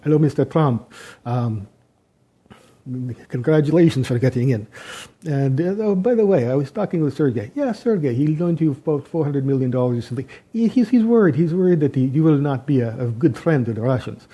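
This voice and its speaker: A sly, coaxing caller with a put-on Russian accent, as a man plays him, pitched well above his usual voice. He presses with little rising questions and coaxing turns. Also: lively intonation, brisk, dark tone. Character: impression of a Russian leader, wheedling male caller.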